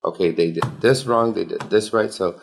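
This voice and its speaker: A man's voice: low-pitched, normal speed, vocal fry, a little hiss or hum. A man from Guam speaking earnestly as a guest in a casual podcast roundtable.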